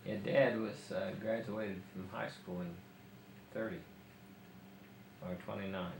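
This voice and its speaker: A man asking questions in a family oral history interview, pausing often with fillers as he works out what to ask. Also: lowish voice, steady tone, vocal fry. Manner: hesitant, many fillers while framing questions. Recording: echoey room, faint background hiss.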